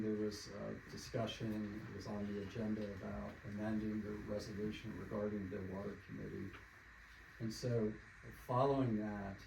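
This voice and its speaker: Measured, gravelly man explaining resolutions. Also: lowish voice. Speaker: township official presenting resolutions. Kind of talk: formal procedural explanation. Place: township meeting room. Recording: echoey meeting room, faint noise.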